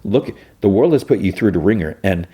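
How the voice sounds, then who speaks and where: A man's voice: sits low, lively intonation, fairly quick, mellow, slightly rough. A man voicing a middle-aged aunt who scolds and comforts her nephew in a raised voice. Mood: caring. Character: caring aunt, middle-aged woman, firm and warm.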